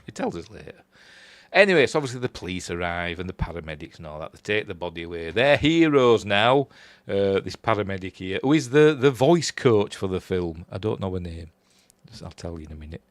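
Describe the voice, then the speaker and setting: A man's voice: low-pitched, sing-song, brisk, dry recording. Rambling Yorkshire man recapping a film. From Yorkshire, England. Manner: rambling, chuckling, quotes characters in a raised voice. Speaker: film reviewer.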